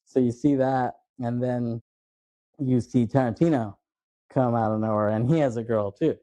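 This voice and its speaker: A man's voice: mid-range voice, steady tone, moderate pace, mellow, dry recording, dull audio. A man co-hosting a film podcast, chatting casually and retelling scenes at length. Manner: rambling retelling of movie scenes. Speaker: podcast co-host.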